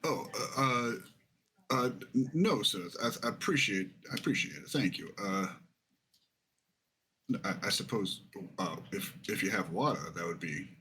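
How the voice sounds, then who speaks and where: A man's voice: on the low side, a little slow, bright, forceful tone. A man voicing a polite, timid young traveler who stammers and hedges everything. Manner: stammering, hesitant, overly polite.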